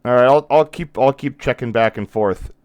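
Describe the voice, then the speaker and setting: A man's voice: mid-range voice, normal speed, darkish tone, dry recording. A man hosting a live stream in casual commentary, rambling and breaking off mid-thought, apologizing now and then, a little worn in the voice. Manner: rambling, self-interrupting, apologetic. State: losing his voice.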